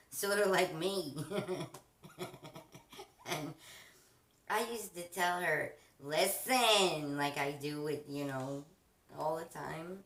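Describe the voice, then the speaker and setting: A woman hosts a craft channel, chatting casually as she crafts and rambling with frequent restarts. Her voice sits low and steady, she goes slowly with long pauses, and the roomy, distant mic picks up faint noise.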